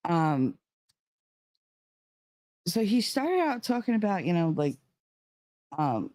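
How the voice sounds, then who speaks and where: A livestream host talking in a casual monologue, earnest and emphatic, with many fillers and key words stretched out slowly. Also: medium pitch, very animated, a little mellow, no room sound.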